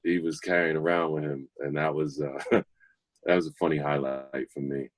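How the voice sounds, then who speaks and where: A middle-aged man, a guest DJ, telling stories casually, animated and confident, laughing often. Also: extremely low pitch, normal speed, no echo. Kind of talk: casual storytelling.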